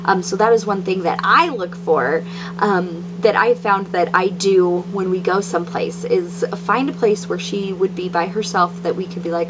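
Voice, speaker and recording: With a medium-pitched voice at a moderate pace and a noisy background, a young woman shares casual parenting advice as a parent vlogger. She's chatty, says um and like a lot, and acts out the things she tells her kids.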